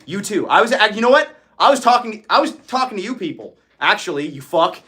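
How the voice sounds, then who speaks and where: A man's voice: high voice, sing-song, brisk, hardly any pauses, fairly bright tone. A man hosting a casual livestream chat, ranting with lots of swearing and laughing often. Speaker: livestream host.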